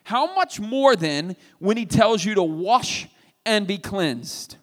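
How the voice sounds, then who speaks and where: A man preaching a sermon, retelling a story with animated, emphatic delivery. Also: high voice, takes it slowly. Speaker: pastor. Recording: reverberant hall.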